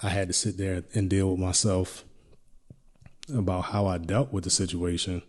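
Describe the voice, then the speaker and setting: A middle-aged man hosting a podcast, telling a personal story in a reflective, halting way with many restarts. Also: deep voice, little pitch movement, a little mellow. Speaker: podcast host.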